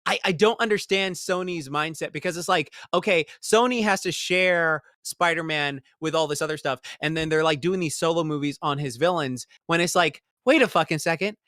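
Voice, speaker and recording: A man's voice: fairly high pitch, normal speed, hardly any pauses, a bit bright, dry recording, studio quality. A man hosting a podcast, chatting casually about a movie in a profane, rambling way, mocking the characters in quoted voices. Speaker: podcast host. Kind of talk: casual movie review chat.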